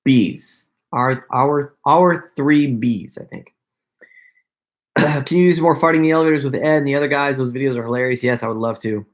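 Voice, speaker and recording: A man's voice: medium pitch, fairly even intonation, fairly quick. Rambling man answering fan questions. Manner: rambling, self-deprecating, stammers and laughs. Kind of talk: casual live Q&A.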